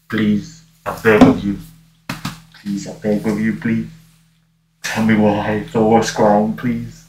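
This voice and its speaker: A man's voice: fairly low pitch, a bit bright. A man playing Deadpool, a wisecracking masked antihero, chatting with viewers in a rambling, jokey way on a livestream. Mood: mock-pleading. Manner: rambling, jokey, mock-begging. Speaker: cosplayer livestreaming. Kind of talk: livestream chat in character. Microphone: phone on livestream. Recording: echoey room, far from mic, noisy.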